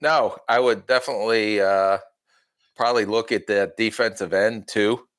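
A man's voice: fairly low pitch, normal speed, fairly bright tone. A middle-aged man, a former team executive, talking football and telling folksy stories with self-mocking laughs. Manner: folksy storyteller, laughs at himself. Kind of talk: casual sports talk.

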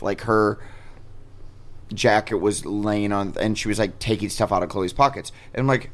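A man recounting a wild night out in casual podcast talk, playing out every back-and-forth as he goes. His voice sits at an ordinary middle pitch. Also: moderate pace. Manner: animated storyteller acting out dialogue. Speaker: touring comedian and podcast guest.

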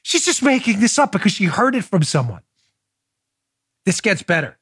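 A man hosts a political podcast in a high, bright-sitting voice. He argues emphatically and tells stories with plenty of energy. The sound is dry and close, with no room around it. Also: moderate pace, husky, no echo. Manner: emphatic, animated storytelling with laughs. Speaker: podcast host. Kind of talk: opinionated political talk.

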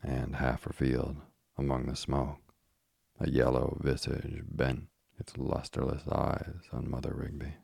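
A man narrating a classic tale as an audiobook, with measured, deliberate phrasing. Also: a bass voice, monotone, vocal fry, darkish tone, slightly rough, no room sound, clean studio sound.

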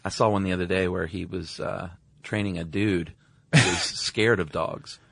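A man's voice: low voice, fairly even intonation, normal speed, vocal fry, a bit bright, breathy edge, dry recording. A man co-hosting a podcast, chatting in an easygoing way with short agreements and fillers. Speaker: podcast co-host. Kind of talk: casual chat.

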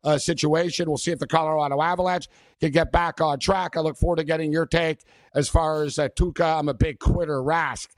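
A man's voice: a little high, steady tone, fairly quick, no room sound, studio quality. A man hosting a sports betting talk show, rambling casually with many fillers.

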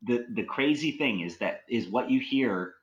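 A man's voice: medium pitch, expressive, moderate pace, muffled recording, slight background noise. A man telling ghost stories as a podcast guest, rambling with many likes and restarts. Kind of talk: casual storytelling.

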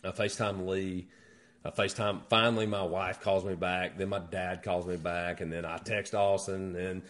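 An American man casually telling a hunting story with animated, profane delivery. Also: low voice, normal speed. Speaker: guest hunter.

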